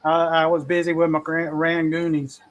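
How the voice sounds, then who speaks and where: A man co-hosting a cooking show, talking in a folksy, relaxed way with plenty of fillers. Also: a little high, moderate pace, muffled recording. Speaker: co-host cook. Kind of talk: casual chat.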